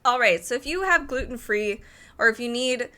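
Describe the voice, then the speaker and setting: A woman with a slightly high voice talks through a cookbook as she flips its pages. She is eager and chatty, thinking aloud and catching her own slips. The tone is a casual home review. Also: expressive, moderate pace, pushed and bright. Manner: enthusiastic, thinking aloud, self-correcting. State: arm tired from holding a heavy book.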